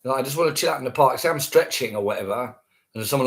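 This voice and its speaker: A man's voice: medium pitch, animated, rapid-fire. Man, casual rant, profane, scornful, repetitive.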